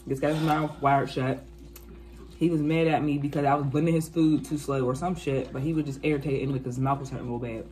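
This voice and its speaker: A woman in her twenties telling a casual storytime, animated and profane, acting out quotes. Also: low-pitched, quick pace. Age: 20s. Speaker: vlogger.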